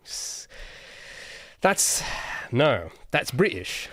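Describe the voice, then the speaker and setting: A man's voice: mid-range voice, huge pitch swings, slow, long pauses, a bit bright, no room sound. An Australian man chatting casually on a livestream as a solo game developer, rambling with self-mocking jokes and frequent restarts. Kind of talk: casual livestream chat while drawing.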